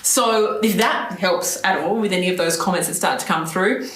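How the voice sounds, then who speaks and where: Low-voiced woman coach, echoey room. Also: normal speed, a bit bright. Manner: encouraging, repeats phrases, asks "right?". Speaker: business coach. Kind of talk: direct-to-camera advice talk.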